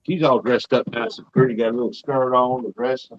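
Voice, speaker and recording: A man's voice: medium pitch, fairly even intonation, fairly quick, no room sound. Older man hosting a livestream, folksy and rambling, heard through dull, dry lo-fi audio. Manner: folksy, rambling, drawling talk. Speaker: livestream host. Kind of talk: casual livestream chat.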